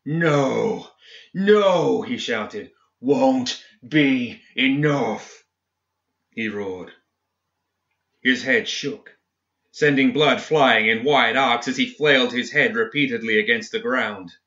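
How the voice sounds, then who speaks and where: A man's voice: medium pitch, measured pace, sharp tone, echoey room. A man voicing a man turning into a maniacal monstrous brute, bellowing and laughing wildly. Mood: raging. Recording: dull lo-fi recording.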